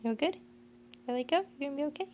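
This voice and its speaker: A woman filming her cats at home, talking to them in soft whispers and baby talk, with frequent laughs. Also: sits high, lively intonation, quick pace, lo-fi sound, a little hiss or hum. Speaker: cat owner filming her pets. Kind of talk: casual baby talk to pets. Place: home, indoors.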